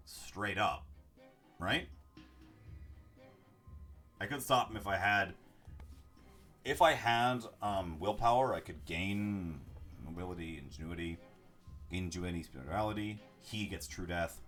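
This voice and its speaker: A man streaming himself, reading a story game aloud in a measured way with lively asides. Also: low-pitched, faint music behind.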